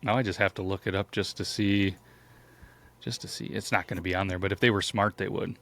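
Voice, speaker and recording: A man co-hosting a podcast, making wry, deadpan jokes in casual chat. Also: low voice, a little fast. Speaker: podcast co-host.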